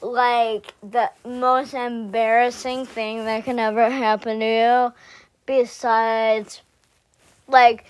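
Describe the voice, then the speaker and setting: A young woman reacting in casual chat, slow and hesitant, with many fillers. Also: on the high side, level tone, clear, resonant tone. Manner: slow, hesitant, keeps saying "oh my goodness". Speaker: co-host reacting to stories.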